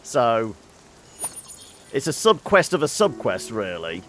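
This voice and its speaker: Let's-play host, male, mid-pitched, muses out loud, animated delivery. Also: takes it slowly, a little hiss or hum. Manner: musing aloud, thinking through game puzzles. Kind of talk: casual gameplay commentary.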